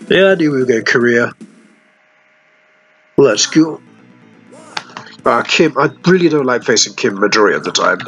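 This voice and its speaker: A man hosting a let's play, excitedly commenting on a fighting game and calling out special moves as he plays. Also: medium pitch, normal speed, long pauses, muffled recording, soft background music. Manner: thanks himself with repeated thank-yous after wins. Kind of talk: gameplay commentary.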